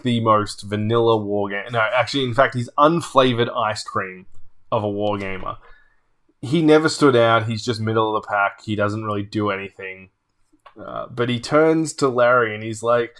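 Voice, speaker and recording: A man, a tabletop channel host telling a story casually, with animated, laughing asides. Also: mid-range voice.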